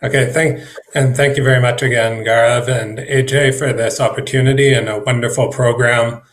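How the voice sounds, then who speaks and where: A man's voice: mid-range voice, steady tone, normal speed, a bit bright. A man, a government trade representative, speaking at a virtual event in a conversational way with fillers and restarts. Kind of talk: conference remarks.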